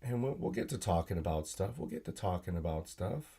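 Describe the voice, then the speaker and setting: Tired guy streaming alone at his desk, lowish voice, sore throat, lots of um and uh, mumbling to himself. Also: very animated, a little fast, creaky, dark tone, husky. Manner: rambling, filler-heavy, self-talk while using the computer. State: tired, sore voice from yelling at work. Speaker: podcast host. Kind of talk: solo live-stream chat. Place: home desk with laptop and monitor.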